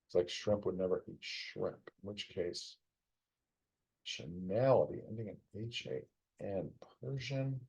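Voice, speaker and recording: A man's voice: fairly low pitch, expressive, a little slow, gravelly, darkish tone, slightly rough. A tired middle-aged man muttering to himself as he solves a puzzle on a live stream, teasing the puzzle's setter. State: tired, yawning. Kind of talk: casual live-stream commentary while solving.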